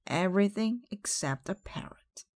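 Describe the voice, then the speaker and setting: Woman reading as a pert, gentle pirate mate. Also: medium pitch, lively intonation, normal speed, voice pushed up, lightly acted.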